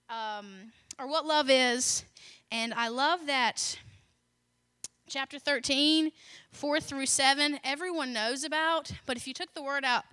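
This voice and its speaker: A woman's voice: high voice, sharp tone, no echo, studio quality. A woman giving an earnest, conversational devotional talk, repeating phrases for emphasis and adding informal asides. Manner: informal, with asides and self-deprecating remarks. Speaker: speaker sharing a Bible message.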